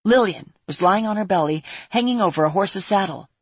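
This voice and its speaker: A woman narrating a fantasy story in a steady, even reading voice on a close mic. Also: mid-range voice, a little fast, breathy edge, dry recording. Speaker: audiobook narrator.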